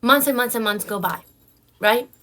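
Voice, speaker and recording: At a moderate pace, a young woman with a fairly high voice tells a personal story on her vlog in casual conversation. She narrates with animation, leaning often on fillers like "like" and "right?".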